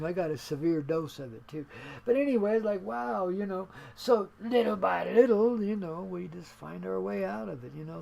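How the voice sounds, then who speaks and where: Gravelly older man, folksy radio rambler. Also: high-pitched, mellow. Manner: folksy, laid-back, laughing at his own jokes. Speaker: radio show host. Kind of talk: rambling spiritual monologue.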